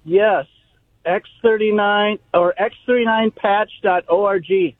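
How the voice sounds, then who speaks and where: A man calling in to a radio show, chatty and wry with a fairly high voice. He comes through a thin, tinny phone line with a dry, close sound. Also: steady tone, unhurried, no echo. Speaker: caller. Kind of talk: call-in radio chat.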